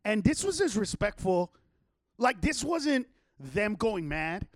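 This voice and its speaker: A man's voice: sits high, sing-song, slow pace, no room sound, studio quality. A man telling a long, profane story in casual chat, acting out the quotes.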